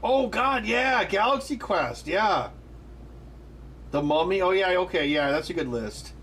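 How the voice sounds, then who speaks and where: A man with a high, fairly bright voice hosts a live stream, responding to the live chat in a casual, rambling way with many fillers. He sounds animated but unhurried, and there is slight background noise.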